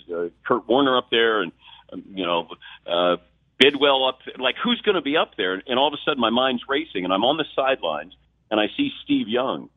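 A man's voice: mid-range voice, dry recording. Man on a tinny phone line. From Ohio. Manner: animated storyteller, acts out quotes. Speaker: sportscaster guest. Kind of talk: phone-in radio interview, storytelling.

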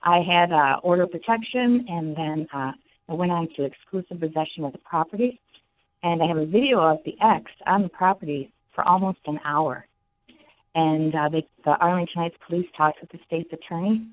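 A woman calling in to a radio show, frustrated and halting as she tells her complaint. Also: on the low side. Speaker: caller. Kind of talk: phone-in call. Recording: tinny phone line.

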